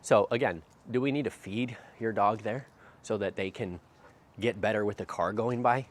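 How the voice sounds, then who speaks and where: A man who trains dogs explains while walking one outdoors by a street, frequently adding "right?" after short phrases. He speaks at normal speed in a lowish voice, with faint outdoor noise in the recording.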